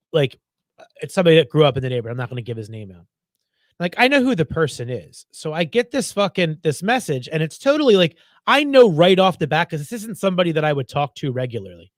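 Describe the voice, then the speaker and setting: A man's voice: fairly high pitch, big pitch swings, brisk, no echo, clean studio sound. A man co-hosting a casual comedy podcast, telling sarcastic stories, swearing freely and acting out the people he quotes. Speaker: podcast co-host.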